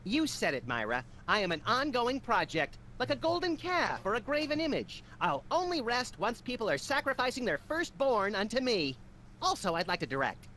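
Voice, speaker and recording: An actor voicing a manic, wisecracking male rabbit-like sidekick in a cartoon adventure game, full of grandiose deadpan boasts. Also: extremely high pitch, normal speed, slight background noise, exaggerated voice. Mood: boastful.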